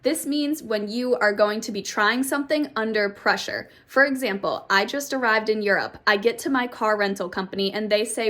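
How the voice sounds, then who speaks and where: Bright-voiced Southern woman teaching English. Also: mid-range voice, normal speed, few pauses. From Texas. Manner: clear, explanatory. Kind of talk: short English-tip reels.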